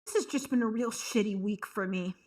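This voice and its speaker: A woman streamer reacting to a fan game, loud and swearing, swinging between shouting and near tears. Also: medium pitch, brisk. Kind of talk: emotional reaction commentary.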